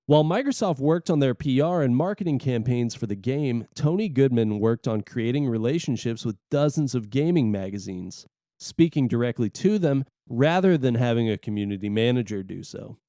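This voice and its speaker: Mellow, laid-back male podcast co-host. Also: medium pitch, expressive, moderate pace, no echo, studio quality. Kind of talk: reading notes and casual chat.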